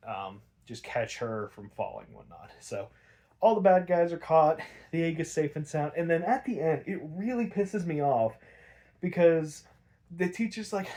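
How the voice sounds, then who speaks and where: A man with a slightly high voice talks through a casual, animated recap as a podcast host. He fills his sentences with "like" and "um" and swears freely. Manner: animated, chatty, frequent "like" and fillers, swears freely.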